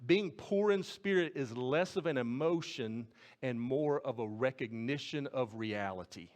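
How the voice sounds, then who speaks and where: A man preaching a sermon as pastor, earnest, often repeating and restarting words and putting questions to the congregation. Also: medium pitch.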